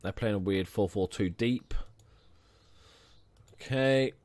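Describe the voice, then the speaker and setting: A young man with a lowish voice talks his way through a football management game, joking and handing out nicknames as he goes. The sound is close and dry, with no room behind him. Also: takes it slowly, a little mellow, no echo. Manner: chatty, jokey, gives players nicknames. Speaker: gaming channel host. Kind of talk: casual let's-play commentary.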